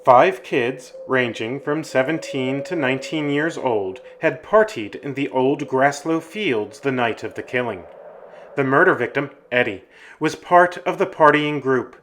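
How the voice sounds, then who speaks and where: A man tells a scary story in a steady, ominous narrating voice at a middling pitch. His reading is measured and deliberate, with a faint hiss in the background. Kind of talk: scripted horror story narration.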